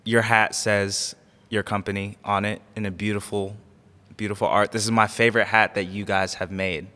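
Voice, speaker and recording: A man hosting a podcast interview, talking in a relaxed, casual way and laughing easily. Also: lowish voice, moderate pace, long reverb tail. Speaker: podcast host.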